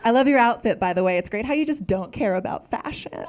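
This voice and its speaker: A woman's voice: fairly high pitch, expressive, fast, very noisy, close to an everyday voice. Brief: woman playing a breezy best friend, passive-aggressive, full of backhanded compliments, stand-up bit.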